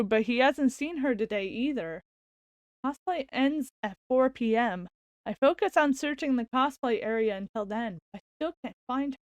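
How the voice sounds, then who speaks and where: A woman streamer reading a visual novel's narration aloud and exclaiming excitedly as she plays. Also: sits high, dry recording. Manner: expressive, quick to exclaim.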